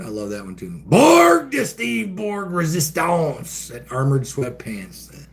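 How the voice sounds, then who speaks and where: A man's voice: mid-range voice, huge pitch swings, unhurried, gravelly. A man hosting a casual livestream, ranting in a profane, folksy way and reacting to chat from an outdoor shed with the door open. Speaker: livestream host reading chat.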